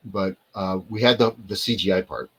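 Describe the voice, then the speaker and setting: A man's voice: sits low, moderate pace, breathy edge, rough recording. A male actor telling stories as an interview guest over a video call, rambling and digressing, often losing his point and coming back to it. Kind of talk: casual storytelling in a live interview.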